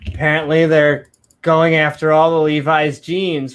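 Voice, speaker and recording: Woman co-host, playful and teasing, fairly low-pitched for her range, drawn-out delivery. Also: flat delivery, clean tone, soft background music. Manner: playful, teasing, joking asides. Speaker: podcast co-host. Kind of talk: comedic podcast banter.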